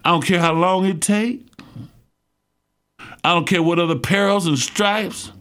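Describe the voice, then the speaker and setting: A middle-aged man with a gravelly voice preaching a sermon, fervent and emphatic, calling out to his listeners. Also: high-pitched, a little slow, fairly bright tone. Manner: fervent, emphatic preaching with call-outs to the congregation. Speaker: pastor.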